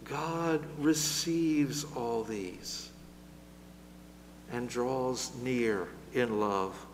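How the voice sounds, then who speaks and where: A man preaching a sermon in a slow, measured way, building louder through lists and then dropping to a soft, gentle close. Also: mid-range voice, big-room sound, a little hiss or hum.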